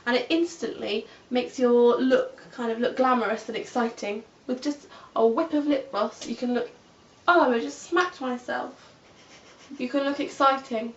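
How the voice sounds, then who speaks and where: A woman's voice: on the high side, normal speed, recorded from a distance. A young woman, playfully teasing her friend as they chat about lip products. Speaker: beauty vlogger. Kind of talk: casual chat about makeup favourites. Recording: echoey dull audio, a little off-mic.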